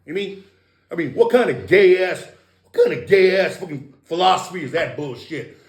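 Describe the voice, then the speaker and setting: In a roomy-sounding space, a Samoan American interview guest in middle age spins animated, boastful stories laced with profanity. His voice sits high and moves at a normal speed during the casual conversation.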